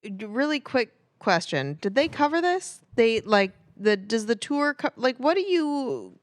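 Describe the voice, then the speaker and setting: A woman's voice: fairly high pitch, big pitch swings, measured pace, no room sound. A woman co-hosting a comedy podcast, asking curious questions and teasing her co-host in casual chat.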